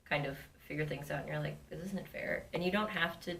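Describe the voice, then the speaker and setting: A woman with a very low, gravelly voice chats casually on a podcast and often finishes her partner's sentences. She sits a little back from the mic. Faint noise runs underneath. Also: a little fast, distant mic. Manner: relaxed, chimes in to finish the other's sentences. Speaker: podcast co-host.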